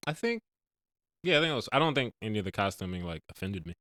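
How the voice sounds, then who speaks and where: A man's voice: fairly low pitch, very animated, fast, sharp tone, no room sound, studio quality. A man co-hosting a casual movie review podcast, joking and acting out movie lines. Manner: jokey, acts out movie lines with laughs. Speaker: podcast co-host.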